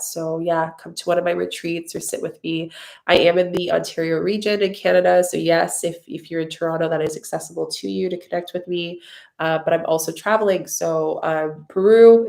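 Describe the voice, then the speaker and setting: A woman's voice: lowish voice, gravelly, a little mellow. A woman hosting a live stream, answering viewer comments in a loose, rambling way, effusive and openly emotional with lots of gratitude. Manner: loose, rambling with many fillers. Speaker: spiritual mentor and channel host.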